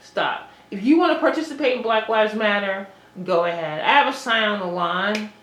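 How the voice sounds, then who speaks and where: A woman's voice: medium pitch, moderate pace, fairly bright tone. Agitated rambling woman, echoey room. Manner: agitated, rambling, profane, frequent restarts. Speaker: vlogger. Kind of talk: unscripted monologue to camera.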